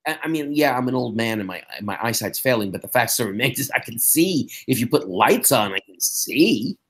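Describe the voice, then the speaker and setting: A man's voice: mid-range voice, animated, fairly quick, breathy edge. A middle-aged man co-hosting a podcast, recapping an episode in a wry, sarcastic casual chat. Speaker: podcast co-host.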